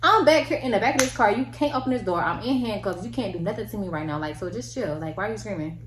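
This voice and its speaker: Animated young woman telling a story. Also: fast talker, crowd noise. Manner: animated, slangy, acts out quotes with big pitch jumps. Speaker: vlogger. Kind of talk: casual storytime. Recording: echoey room with faint ambience.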